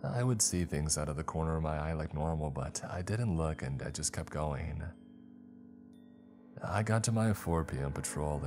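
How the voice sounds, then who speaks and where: A man with an extremely low voice narrates a first-person creepypasta. His delivery is steady storytelling that tightens at the frightening parts. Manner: steady storytelling, tense at scary moments.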